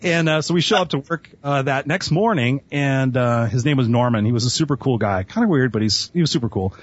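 A man telling his life story as a guest on an interview show, animated and eager, often acting out voices. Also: medium pitch, brisk, husky. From Southern California. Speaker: podcast guest. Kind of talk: storytelling in conversation. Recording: dull lo-fi sound.

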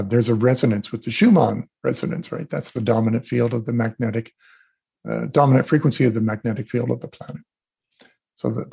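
A man being interviewed as an energy healer, telling animated stories and acting out what people said. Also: mid-range voice, gravelly, breathy edge. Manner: animated storyteller, acts out quotes. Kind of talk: casual interview talk.

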